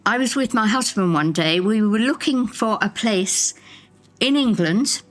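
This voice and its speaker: An older woman, a former radio broadcaster, reminiscing in an interview as an animated storyteller. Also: mid-range voice, measured pace. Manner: animated storyteller, acts out voices in anecdotes.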